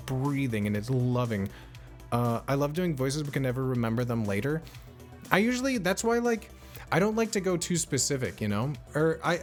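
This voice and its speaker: A young man live-streaming, chatting casually with viewers as a game master, rambling and enthusiastic, swearing freely. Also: mid-range voice.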